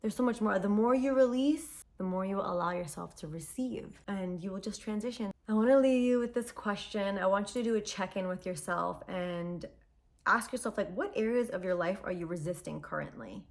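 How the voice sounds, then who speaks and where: A woman talking casually to camera from a quiet room at home. She speaks earnestly, with animated, heartfelt emphasis. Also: mid-range voice, a little fast. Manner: earnest and animated, acts out quoted dialogue. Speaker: self-development vlogger. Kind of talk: casual personal talk to camera. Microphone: phone. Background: dog and traffic sounds at times.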